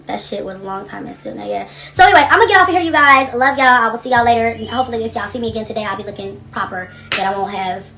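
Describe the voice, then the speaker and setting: A young adult woman hosting a casual livestream from her home office, reading comments and talking in a blunt, profane, animated way. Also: fairly high pitch, very fast, few pauses, echoey room, soft background music. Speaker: livestream host.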